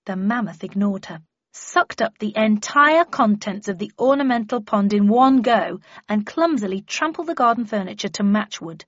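A woman narrating a story in the first person in an even, wry manner. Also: medium pitch, moderate pace, no echo, muffled recording. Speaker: audiobook narrator.

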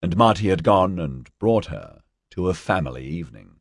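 A man reading a story aloud as an audiobook narrator, steady, lightly voicing the characters' dialogue. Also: sits low, normal speed, no room sound, studio quality. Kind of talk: scripted narration.

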